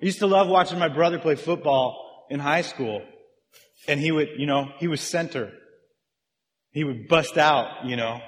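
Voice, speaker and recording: A male pastor with a somewhat high voice preaches a sermon and speaks straight to the congregation in an easy, chatty way. His voice carries a long reverb from a big church hall. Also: moderate pace, pauses often. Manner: conversational preaching that engages the congregation.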